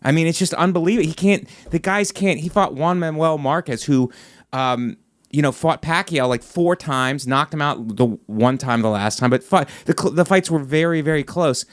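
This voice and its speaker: A man's voice: moderate pace, dry recording. Podcast host guy chatting, gets worked up making his point, dry close sound. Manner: animated, emphatic, rises in pitch when making a point. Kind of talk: casual podcast chat.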